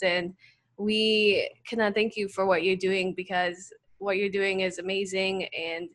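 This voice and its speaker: A woman's voice: medium pitch, a bit bright. Gushing young woman hosting a podcast. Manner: enthusiastic, gushing, with many fillers like "like". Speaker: podcast host. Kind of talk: casual podcast interview.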